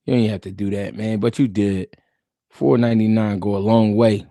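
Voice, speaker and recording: A man's voice: fairly low pitch, steady tone, normal speed, mellow, no echo, clean studio sound. A man hosting a live stream, chatting casually and animatedly in slang, talking straight to his chat.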